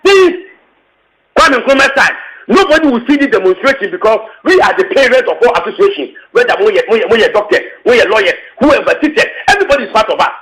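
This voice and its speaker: The man's voice sits high and sounds animated and fast, with a fairly bright tone, though the recording is rough. With a Ghanaian English accent, he speaks as a tenants union secretary general in an emphatic, impassioned interview statement, hammering his points repeatedly and slipping into local phrases.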